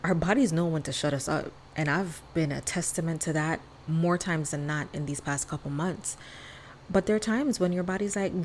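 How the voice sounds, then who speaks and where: A woman's voice: sits low, normal speed, slight background noise, low-quality recording. A woman hosting a podcast alone, talking candidly and casually, often acting out bits of dialogue. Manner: candid, chatty, acts out quoted dialogue. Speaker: podcast host. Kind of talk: casual solo podcast monologue.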